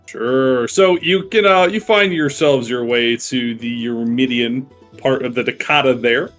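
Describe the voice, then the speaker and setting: A man's voice: medium pitch, unhurried, fairly bright tone, faint music behind. A man narrating as game master of a tabletop game, chatty, with many fillers and frequent laughs.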